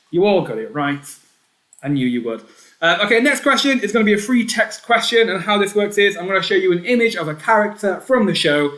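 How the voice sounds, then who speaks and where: Chatty quiz host, echoey room. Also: male voice, high-pitched, sharp tone. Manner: chatty, repeats each question and its options slowly. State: keeps clearing his throat. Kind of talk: live online quiz hosting.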